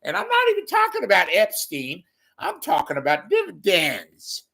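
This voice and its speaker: A man's voice: high-pitched, wildly swooping pitch, moderate pace, gravelly, pushed and bright, voice pushed up, full character voice. A man putting on a brash, swearing older Southern political pundit with a Louisiana drawl. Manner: drawling, swearing, hesitant with fillers.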